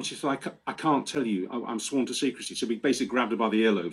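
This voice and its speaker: Brief: sixties male guest, husky, quick talker, lively storyteller. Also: medium pitch. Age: 60s. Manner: chatty, animated storyteller with restarts. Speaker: guest presenter. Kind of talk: casual storytelling.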